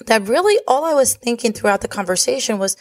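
A woman's voice: a little high, animated, fast talker. A woman hosting a podcast, telling a personal story in a candid, profane, confessional way. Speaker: podcast host.

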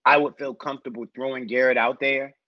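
A man talking basketball in a relaxed, rambling conversational way, musing over players and roster fits. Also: medium pitch, fairly quick, dry recording, lo-fi sound. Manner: thoughtful, rambling with fillers. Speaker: basketball podcast analyst. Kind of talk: casual sports discussion.

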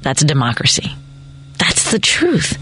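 A woman's voice: deep voice, wildly swooping pitch, measured pace, sharp tone, breathy edge. A woman hosting a talk radio show, chatty and conversational, laughing and acting out little quoted phone calls. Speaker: radio host.

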